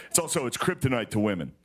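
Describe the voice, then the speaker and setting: Young male stand-up comic, dry rambling delivery, average pitch. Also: background noise. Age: young adult. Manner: deadpan, rambling storytelling. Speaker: stand-up comedian. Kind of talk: stand-up monologue.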